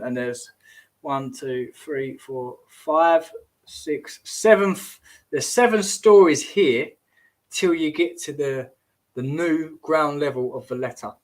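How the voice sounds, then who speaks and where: A man hosting a casual livestream, rambling and exclamatory, often trailing off and restarting mid-sentence. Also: on the high side. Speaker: host.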